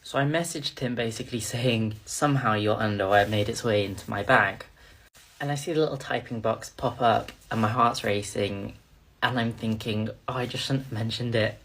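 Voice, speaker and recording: A man's voice: medium pitch, normal speed, a bit bright, husky. A man telling a self-conscious storytime in a confiding way. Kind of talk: storytime narration.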